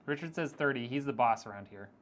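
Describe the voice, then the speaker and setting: A man's voice: medium pitch, fast talker. A man streaming a PC build, chatting casually and teasing viewers as he reads their messages, with frequent laughs. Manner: joking, teasing, laughs often.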